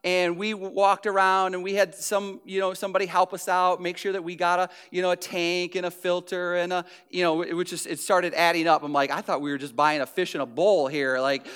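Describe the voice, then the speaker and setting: A man's voice: high voice, level tone, brisk, few pauses, fairly bright tone, clean tone. A middle-aged man casually telling a personal anecdote, chatty and self-deprecating, full of fillers and restarts. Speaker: storyteller.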